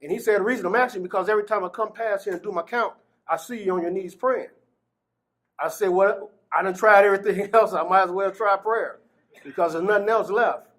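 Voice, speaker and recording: Middle-aged guy from gary indiana, high-ish voice, earnest, laughs a lot telling his story. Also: brisk, a bit bright. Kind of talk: personal testimony.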